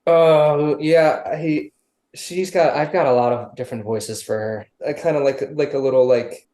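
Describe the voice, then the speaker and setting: Fairly high-pitched but dark in tone, a man talks at a normal speed with a steady delivery. He's a musician guest on a casual podcast, rambling loosely and restarting often, and the room gives noticeable echo.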